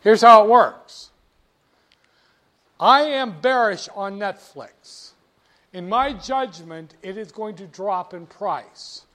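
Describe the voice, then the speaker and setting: A man's voice: high-pitched, expressive, takes it slowly, pushed and bright. A man lecturing a class, stressing key words and having students repeat phrases back to him. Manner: emphatic, drills terms, asks students to repeat. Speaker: teacher.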